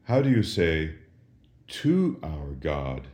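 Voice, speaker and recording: A man, a priest, patiently teaching Latin responses in a slow lesson, pausing for the listener to answer each question. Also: extremely low pitch, very animated, a little mellow. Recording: roomy echo.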